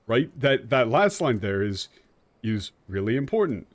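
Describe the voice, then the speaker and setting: A man's voice: medium pitch, sing-song, a little slow, pauses often. A man streaming a game, ranting with frequent swearing about how its dialogue was translated. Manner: ranting, exasperated, swears often. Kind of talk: profane commentary on a game translation.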